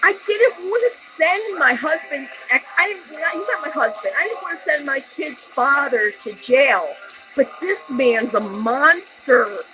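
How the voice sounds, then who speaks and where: A woman's voice: high voice, animated, unhurried, low-quality recording. A woman telling her personal story in a raw, rambling monologue, blunt and profane. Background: music.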